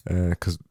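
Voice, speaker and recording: Male designer, low and unhurried, thinking aloud on a dry close mic, rambling and self-mocking. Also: dark tone, no room sound. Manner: rambling, muttering to himself while working, self-mocking. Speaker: designer livestreaming his work. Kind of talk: thinking-aloud livestream commentary.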